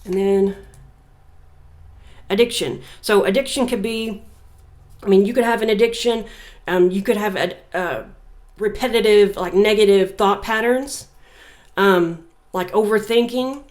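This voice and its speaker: A relaxed woman in a mid-range voice gives a casual spiritual tarot reading to camera. She's unhurried, thinks aloud with many fillers, and reads verses slowly.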